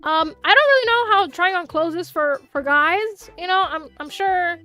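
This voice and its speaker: A young woman with a Miami Hispanic accent, chatting casually on a livestream, animated and swearing freely as she answers chat. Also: very high voice, normal speed, faint music behind. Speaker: VTuber streamer.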